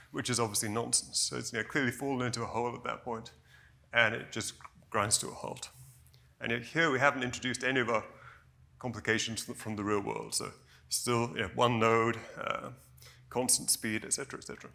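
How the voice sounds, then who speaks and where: Male conference presenter, gravelly and bright, measured and explanatory, corrects himself on the fly. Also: mid-range voice, fairly even intonation. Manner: measured, explanatory, with frequent "you know" and self-corrections. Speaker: conference speaker.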